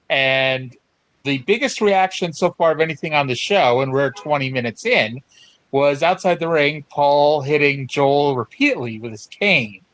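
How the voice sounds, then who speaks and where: Male podcast host, chatty recap, slightly high, dry mic. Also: fairly bright tone, no room sound, rough recording. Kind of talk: casual chat.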